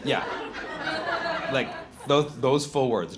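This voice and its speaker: A man doing a stand-up comedy routine, mocking text messages, switching between a flat deadpan read and loud, excited punchlines. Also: mid-range voice, measured pace, crowd noise, background noise. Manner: animated, mocking, reads texts aloud in flat deadpan, shouts punchlines.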